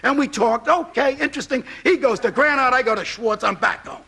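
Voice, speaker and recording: A man's voice: very high voice, fairly quick, creaky, bright, forceful tone, slightly rough. A man, telling a comic anecdote as a talk show guest and acting out both sides of the dialogue. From Brooklyn, New York. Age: 60s. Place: TV studio.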